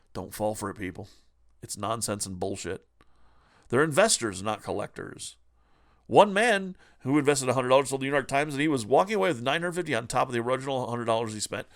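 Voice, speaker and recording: A man's voice: mid-range voice, a bit bright. A man hosting a retro gaming news vlog who rants about the news in a profane, sarcastic way. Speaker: retro gaming channel host.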